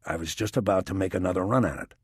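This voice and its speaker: A man voicing a stubborn middle-aged male police detective in an audiobook, speaking flatly and insistently. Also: sits low, fast talker, slightly rough, dry recording, clean studio sound. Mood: matter-of-fact.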